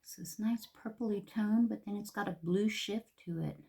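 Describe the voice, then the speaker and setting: A woman chatting casually through a makeup tutorial, slipping into soft whispers now and then. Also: mid-range voice, moderate pace, vocal fry, slightly rough. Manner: chatty, drops into whispers, repeats words. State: a little out of breath. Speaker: makeup vlogger.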